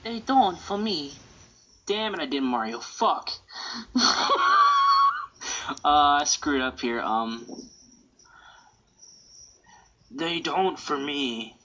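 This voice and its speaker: A woman's voice: low voice, lively intonation, slow, long pauses, fairly bright tone, exaggerated voice, low-quality recording. A woman voicing a grumpy male villain turtle king who swears and sulks. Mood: sulky. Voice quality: husky, swearing. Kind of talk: fan parody voice acting.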